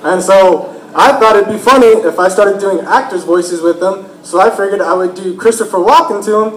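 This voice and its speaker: A man's voice: high-pitched, moderate pace, a bit bright. A young man with a Texan accent doing a stand-up set at a comedy bar, chuckling through his own jokes. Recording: echoey club room.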